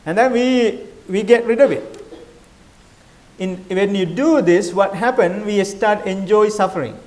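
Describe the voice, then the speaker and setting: Male monk, middle-aged, high voice, conversational dharma talk peppered with questions. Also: a little slow, darkish tone. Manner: questioning, conversational, non-native phrasing. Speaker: Buddhist monk teacher.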